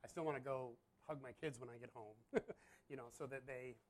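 A man's voice: mid-range voice, moderate pace. A man in his thirties, a pastor, telling a personal story in a candid, self-deprecating, rambling way with frequent laughs. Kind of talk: casual storytelling.

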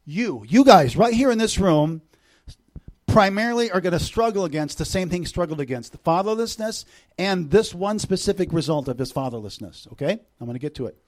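A middle-aged visiting preacher, high-pitched and fairly quick, delivers a sermon to a congregation. His manner is animated, swinging from loud moments to soft, intimate ones, and he includes joking asides.

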